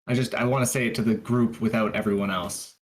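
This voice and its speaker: A man playing a tabletop game, talking casually in a hesitant, halting way. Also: on the low side, steady tone. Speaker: player.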